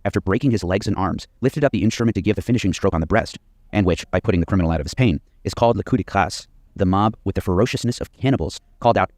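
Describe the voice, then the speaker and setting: A man narrates a history documentary from a script, reading quoted accounts in a steady, measured way. His voice sits low and moves quickly. The recording is dry and close. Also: no echo.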